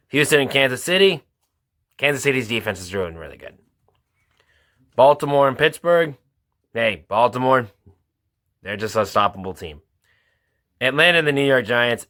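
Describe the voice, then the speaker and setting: A man hosting his own football picks show, talking through results and picks in an informal, halting way. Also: mid-range voice, bright, forceful tone. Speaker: sports picks host. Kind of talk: casual football picks commentary.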